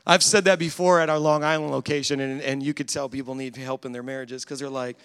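Man, energetic pastor, sermon, joking with the crowd, smooth voice, long church reverb. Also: mid-range voice, brisk, few pauses. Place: large church hall with congregation.

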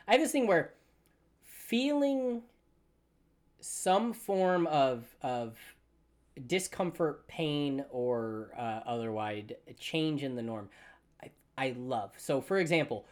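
A man hosting a casual podcast chat among three friends, rambling and restarting his sentences as he thinks aloud. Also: medium pitch. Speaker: podcast host.

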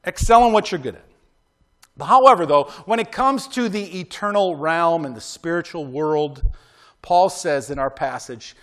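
This pastor's sermon is conversational, with frequent "right?" asides between points. He speaks notably high for a man, in a fairly bright tone, and exhorts emphatically, pressing his listeners to try harder and train to win.

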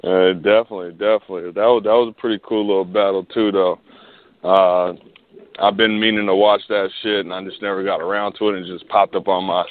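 A man's voice: sits low, level tone, fast, no room sound. A man co-hosting a casual chat about battle rap, slangy and laughing often, repeating words as he goes. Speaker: podcast co-host. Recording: tinny phone-like line with faint hiss.

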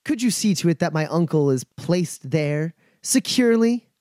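A man's voice: on the high side, expressive, normal speed, dark tone, no echo, clean studio sound, voice pushed up, close to an everyday voice. A man voicing a composed young noblewoman who gives formal, clipped orders. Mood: cold.

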